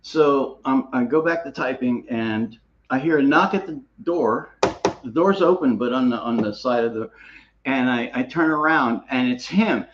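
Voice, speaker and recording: A man's voice: mid-range voice, moderate pace, muffled recording, slight background noise. A man co-hosting a casual chat, rambling through stories and laughing often. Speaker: co-host.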